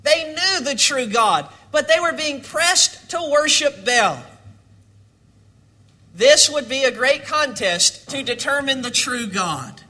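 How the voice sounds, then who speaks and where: A man preaching a sermon, building to dramatic shouts and then dropping low.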